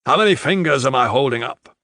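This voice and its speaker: A man voicing a coldly detached, inhuman general who speaks flatly and without emotion. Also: medium pitch, dry recording, clean studio sound. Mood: probing. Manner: flat, detached, unhurried.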